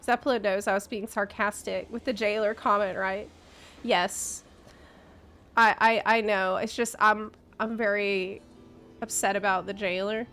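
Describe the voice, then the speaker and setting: A woman's voice: medium pitch, steady tone, unhurried, fairly bright tone, faint music behind. A woman streamer ranting to her chat, impassioned, exasperated and sarcastic by turns. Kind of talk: live-stream rant to chat.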